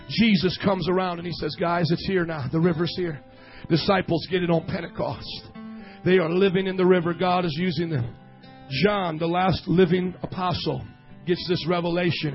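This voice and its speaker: A male pastor preaching a sermon, swinging from loud shouting down to low murmuring. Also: dull audio. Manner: emotional, fervent preaching.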